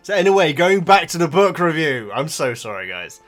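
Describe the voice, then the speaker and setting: Lively, bright-voiced man rambling. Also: fairly high pitch, normal speed, soft background music. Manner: rambling, enthusiastic, laughs often. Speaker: YouTube reactor. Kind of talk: casual chat, book review.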